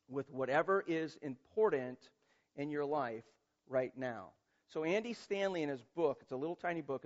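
A man with a high voice delivers a sermon as a pastor, emphatic and conversational, often asking the listeners rhetorical questions. The recording is somewhat muffled and lo-fi.

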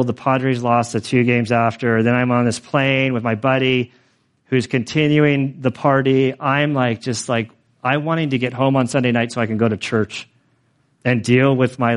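A man in his forties, a pastor telling his own story in a sermon, earnest and rambling, with many fillers. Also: medium pitch. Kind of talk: sermon testimony.

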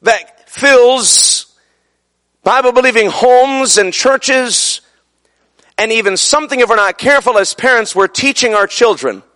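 A man preaching a fervent sermon, building to shouted peaks. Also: very high-pitched, unhurried. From son of a Brooklyn man.

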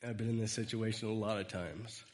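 A man giving a conversational storytelling sermon, animated and retelling scenes. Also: fairly low pitch, brisk. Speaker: preacher. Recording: reverberant hall.

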